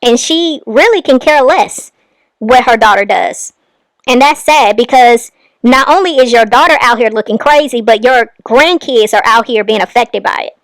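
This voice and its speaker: A woman's voice: on the high side, dry recording. Pointed woman commentator, dry close sound. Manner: critical, pointed, deliberate. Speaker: commentary channel host.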